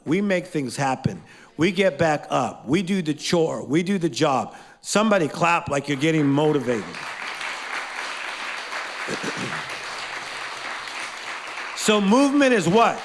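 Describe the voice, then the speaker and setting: A man with a fairly high voice runs a live motivational class, energetic and playful. He leads call-and-response chants and fires questions at the people in front of him. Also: unhurried, pauses often, some chatter behind, slight background noise. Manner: energetic, playful, quizzes the audience. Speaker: motivational teacher.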